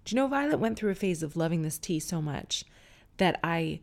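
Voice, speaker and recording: A woman's voice: fairly low pitch, animated, brisk, gravelly, a little mellow. A middle-aged woman hosting a podcast, telling stories in a frank, chatty way and swearing casually. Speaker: podcast host. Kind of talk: casual solo podcast monologue.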